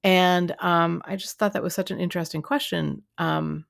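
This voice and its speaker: A woman's voice: fairly low pitch, fairly even intonation, normal speed, gravelly, no echo, studio quality. A woman hosting her own podcast as a coach, talking in a chatty, rambling way with lots of fillers and restarts. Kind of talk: casual solo podcast monologue.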